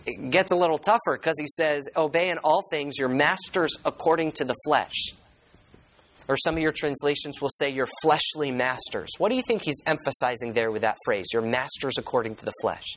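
A man's voice: fairly high pitch, brisk, a bit bright, a little hiss or hum, low-quality recording. Man preaching verse by verse. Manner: teaches verse by verse, reading scripture aloud; questions the congregation and repeats key words. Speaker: pastor. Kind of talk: sermon.

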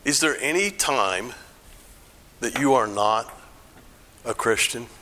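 A man's voice: medium pitch, slow pace, pushed and bright. A middle-aged American man giving a conversational church talk, often asking the audience questions. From United States.

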